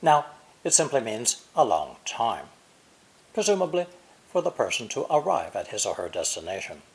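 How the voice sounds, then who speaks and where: A man narrating a recorded language lesson, explaining slowly and deliberately, with example sentences read in Chinese. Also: medium pitch, very animated, vocal fry. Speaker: language teacher.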